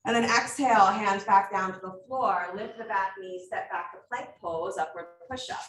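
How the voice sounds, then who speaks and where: A woman teaching a live yoga class, calling out poses and breath cues in brisk steps with frequent encouragement. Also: medium pitch, a bit bright, slight background noise. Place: yoga studio. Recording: echoey room, mic far off.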